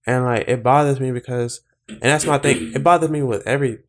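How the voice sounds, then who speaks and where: A man's voice: mid-range voice, brisk. A man hosting a podcast, talking in an earnest, reflective way that speeds up when he gets stirred. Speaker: podcast host. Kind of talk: casual conversation.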